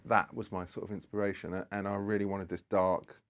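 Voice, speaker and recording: A man's voice: low voice, flat delivery, fairly quick. A man, a guest on a podcast, telling a long anecdote in casual chat and acting out the dialogue as he goes. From Britain. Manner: rambling storyteller who acts out dialogue.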